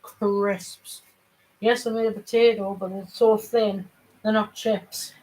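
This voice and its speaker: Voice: medium pitch, little pitch movement, normal speed, warm tone, poor audio. A vlogger from Sunderland with a northeast English accent, chatting casually and telling stories full of restarts. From Sunderland, northeast England. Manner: rambling storyteller, many restarts. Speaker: family channel vlogger. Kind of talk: casual chat.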